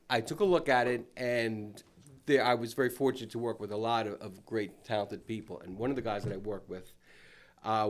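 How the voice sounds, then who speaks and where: A man who works in TV talking casually on a podcast, relaxed and chatty. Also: fairly low pitch. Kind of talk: casual chat.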